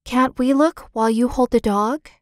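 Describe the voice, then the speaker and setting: A woman voicing a soft, anxious young girl. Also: fairly high pitch, normal speed, dry recording, clean studio sound, close to an everyday voice. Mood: gentle.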